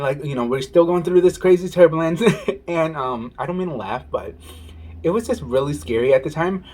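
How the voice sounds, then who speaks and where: A man vlogging while eating, telling a story in a casual, animated way and saying "y'all". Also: medium pitch. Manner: animated, says "y'all" and "oh my goodness". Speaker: mukbang vlogger.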